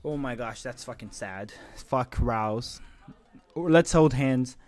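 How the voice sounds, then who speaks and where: A man casually commentating an esports match on his live stream, joking and swearing, with bursts of excited shouting. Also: medium pitch, slow, soft background music.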